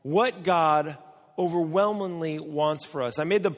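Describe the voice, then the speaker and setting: A middle-aged American man delivers a sermon in a fairly high voice. His tone is loose and conversational, and he drops jokes and asides to the audience while he tells a story. His voice carries a long reverb from a large hall. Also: unhurried. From United States. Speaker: preacher. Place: large church or conference hall.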